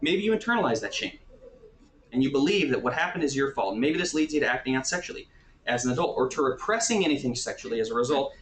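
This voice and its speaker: Male therapist-teacher, mid-pitched, chatty delivery, roomy echo, faint hiss behind. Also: animated, fast. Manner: casual, often checks in with "right?". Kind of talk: conversational teaching talk.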